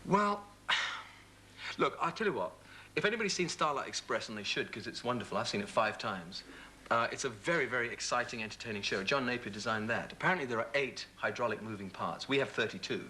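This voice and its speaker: A man, a singer chatting as a guest on a TV talk show, animated and quick to laugh. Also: mid-range voice, slight background noise. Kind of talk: casual TV chat.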